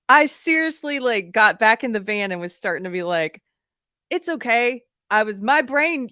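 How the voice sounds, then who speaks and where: A woman hosting a live talk show, telling a personal story in a candid, animated way with fillers and laughs, at times close to tears. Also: mid-range voice, clear, resonant tone, dry recording. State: emotional, near tears. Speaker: podcast host. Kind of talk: live-streamed commentary, personal anecdote.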